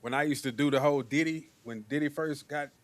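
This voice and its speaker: A man's voice: fairly high pitch, a little fast. A man from East Texas hosting a livestream, talking in a loose, laid-back way with casual slang.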